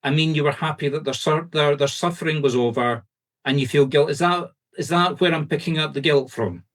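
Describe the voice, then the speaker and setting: A man with a Scottish accent working as a medium, giving fast, insistent, reassuring readings to a group over a video call. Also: a little high. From Scotland.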